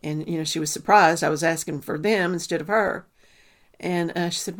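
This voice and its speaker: A woman, a mother telling a personal story in a halting way, with many ums and restarts. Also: lowish voice, steady tone. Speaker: mother recounting a family loss. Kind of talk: personal testimony.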